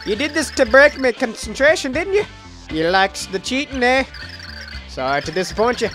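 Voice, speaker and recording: A man's voice: extremely high pitch, lively intonation, moderate pace, voice pushed up. A man with a Southern US accent voicing a blustering, hot-headed warrior brute while reading game dialogue, his Scottish attempt slipping into his own accent. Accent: Southern US, failing at a Scottish brogue. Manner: shouty blustering bravado. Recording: game music behind.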